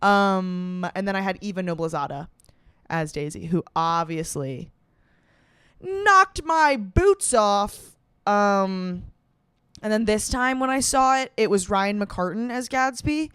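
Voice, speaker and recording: A woman's voice: mid-range voice, a little slow, clean tone, no room sound, studio quality. Chatty, profane young woman podcast host. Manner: chatty, profane, sarcastic rambling. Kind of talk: casual comedic monologue.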